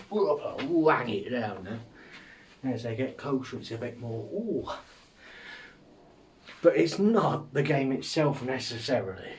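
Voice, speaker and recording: English male podcast host, mid-pitched, loose and self-mocking, swears freely, recorded slightly off-mic. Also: a little mellow, distant mic, a little hiss or hum. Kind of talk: casual comic monologue.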